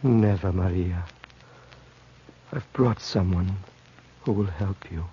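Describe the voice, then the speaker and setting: A man's voice: low voice, slow pace, a little hiss or hum. An actor playing a desperate, devoted husband who pleads earnestly for his dying wife in a 1940s radio play, on a dull old broadcast recording. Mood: pleading.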